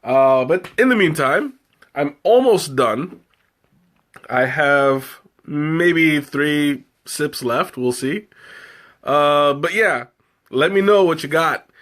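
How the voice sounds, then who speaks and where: A man's voice: fairly high pitch, expressive, takes it slowly, fairly bright tone. A man hosting a live tea tasting, chatting casually and rambling with many fillers and restarts. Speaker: livestream host tasting tea.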